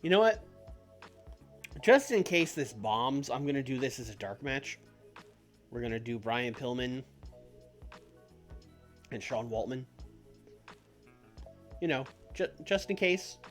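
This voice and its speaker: A man's voice: medium pitch, very animated, slow, long pauses. A man streaming a game, talking casually and offhand, thinking aloud and swearing now and then. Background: faint background music.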